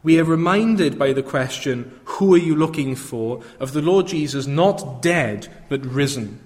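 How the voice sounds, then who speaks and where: An earnest man preaching a sermon, his fairly high voice building to fervent proclamation. His words ring out with a long reverb, as in a church hall. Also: animated, a little slow, darkish tone.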